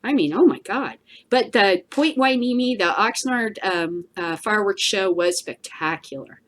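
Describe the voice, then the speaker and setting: A woman's voice: mid-range voice, expressive, unhurried. A middle-aged woman hosting her own news vlog, ranting casually, swearing and laughing often. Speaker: host of a daily news vlog. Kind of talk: casual profane rant.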